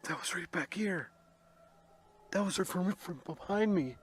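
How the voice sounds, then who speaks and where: A man's voice: high-pitched, a little slow, slight background noise. A man investigating a haunted spot at night, talking in nervous, jumpy exclamations. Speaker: paranormal investigator. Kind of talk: ghost hunting vlog.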